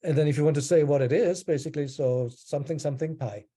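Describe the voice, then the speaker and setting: A man teaching an online language class, explaining in a relaxed way with frequent ums and pauses. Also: on the high side, slightly rough.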